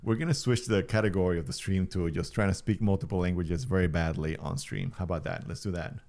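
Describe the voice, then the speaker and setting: Streamer, male, 40s, native Spanish speaker; deep gravelly voice, joking and easygoing. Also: quick pace, darkish tone. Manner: playful, joking, chuckles often. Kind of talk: casual stream chat.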